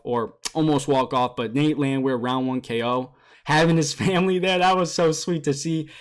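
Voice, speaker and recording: An animated young man talks through a fight card in a loose vlog style. He circles back on his own phrases and leans on slang. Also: mid-range voice. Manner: animated, emotional, repeats phrases, uses slang like bro and dude. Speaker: MMA YouTuber recapping fights. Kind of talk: casual excited fight recap.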